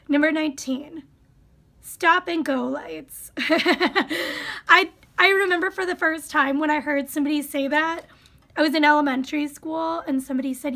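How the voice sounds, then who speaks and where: A young woman with a Wisconsin accent talks through a quiz in a relaxed vlog. Her voice sits high, and she muses aloud, trailing into asides as she goes. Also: normal speed. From Wisconsin, USA. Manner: chatty, musing, drops into whispers. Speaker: vlogger.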